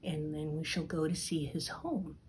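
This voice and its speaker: A woman's voice: deep voice, steady tone, normal speed, a little mellow, slight background noise, natural voice. A woman doing a formal storybook king. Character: stately male king, pleased and formal.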